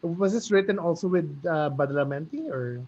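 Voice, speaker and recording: A woman hosting an online festival interview, asking halting questions and giving short encouraging reactions. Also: fairly low pitch, lively intonation, a little mellow, dull audio, a little hiss or hum.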